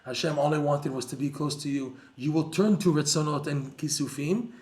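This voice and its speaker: Animated man teaching a Torah class. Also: a little high, a little fast. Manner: animated, jokey, uses Hebrew terms. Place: room with a live audience.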